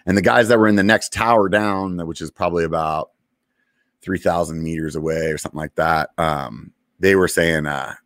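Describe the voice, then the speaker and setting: Deep-voiced man telling a war story. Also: fairly even intonation, fairly bright tone, no echo, clean studio sound. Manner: laid-back, profane, drawn-out pauses and fillers. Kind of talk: casual storytelling.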